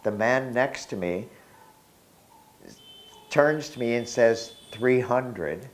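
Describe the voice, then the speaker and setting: A man in his sixties telling a personal spiritual story in an unhurried, reflective way, with soft laughs. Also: mid-range voice.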